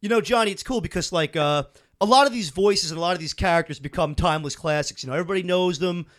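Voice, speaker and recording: A man's voice: sits high, fast, fairly bright tone. A man hosting a casual chat, loose and enthusiastic, with lots of "like" fillers. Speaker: podcast host.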